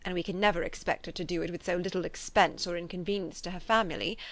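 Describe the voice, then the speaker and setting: A woman reading an audiobook, voicing a dry, teasing older gentleman who is a father. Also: on the low side, fairly even intonation, quick pace, close to an everyday voice. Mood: wry. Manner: wry and teasing.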